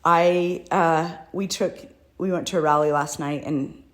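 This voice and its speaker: A middle-aged woman with a deep, low-pitched voice talks straight to the camera as a mother. She is earnest and emotional, with a pleading, heartfelt manner. Her delivery is a personal address rather than a script. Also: steady tone, a little slow. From United States. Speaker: mother speaking out.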